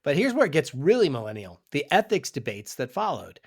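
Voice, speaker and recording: A man's voice: on the high side, wildly swooping pitch, a little fast, a little mellow, breathy edge. A man co-hosting a podcast in casual scripted banter, upbeat and reading segues and sponsor lines. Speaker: podcast co-host.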